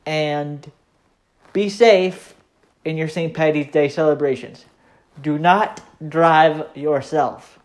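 A podcast host, a man with a Michigan accent, talks on his own in a loose, rambling way. He pokes fun at himself and fills his pauses with plenty of ums and uhs. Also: on the high side. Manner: rambling, self-deprecating, chatty with frequent fillers. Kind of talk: casual solo podcast monologue.

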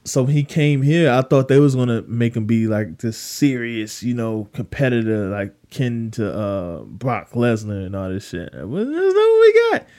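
A young man chatting casually on a wrestling podcast, animated and swearing freely. His voice shoots up in pitch when he gets incredulous, then drops back to an easy, mid-height tone. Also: normal speed, hardly any pauses. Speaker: podcast co-host.

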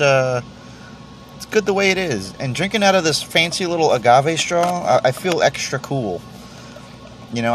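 This is a casual solo podcast rant from a man whose voice is fairly low in pitch. He tastes tea while rambling self-deprecatingly, cursing often and fumbling restarts, over a faint hiss or hum.

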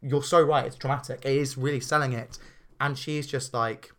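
A man co-hosting a casual podcast chat, animated and indignant, with stammering restarts. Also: mid-range voice, moderate pace. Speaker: podcast co-host.

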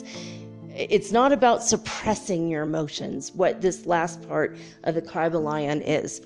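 Candid storytelling woman, low voice. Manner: candid and animated, laughs often, acts out quotes. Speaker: spiritual storyteller. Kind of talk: casual spoken storytelling.

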